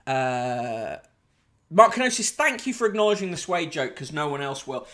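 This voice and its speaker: A man's voice: fairly high pitch, very animated, moderate pace, sharp tone. A man hosting a casual live-streamed newspaper review, sardonic and rambling, with lots of ums and uhs. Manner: sardonic, rambling, with frequent fillers. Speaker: host.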